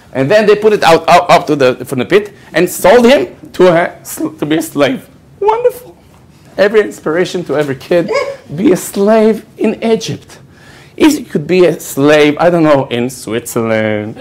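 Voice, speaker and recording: Animated man telling a Torah story. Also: sits high. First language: Hebrew. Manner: animated storyteller who acts out quoted voices and keeps asking "okay?". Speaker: rabbi giving a lecture. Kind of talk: storytelling Torah lecture to a live audience.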